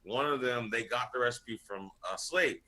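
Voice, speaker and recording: A man's voice: mid-range voice, moderate pace, bright, forceful tone. A man on a casual podcast panel, telling a long rambling story full of swearing and laughter. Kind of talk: casual chat.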